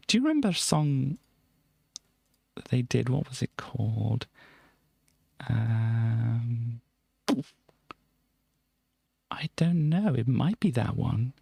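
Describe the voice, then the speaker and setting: A woman's voice: extremely low pitch, vocal fry, darkish tone, dry recording. A woman hosting a livestream, chatting casually as she reads out old music charts, rambling and chuckling with many ums and self-corrections. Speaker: livestream host.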